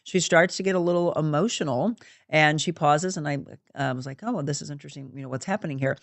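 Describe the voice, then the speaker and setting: A woman hosting a faith-based talk show, telling a story with animated, acted-out dialogue. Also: low-pitched, fast, creaky, no room sound. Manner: animated, acts out quoted dialogue. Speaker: show host.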